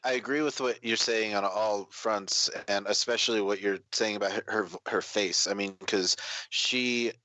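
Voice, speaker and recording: A man's voice: lowish voice, normal speed, no room sound, poor audio. A man who is a guest on a fan podcast, animatedly recounting scenes and acting out quotes. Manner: animated storytelling, acts out quotes. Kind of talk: casual chat.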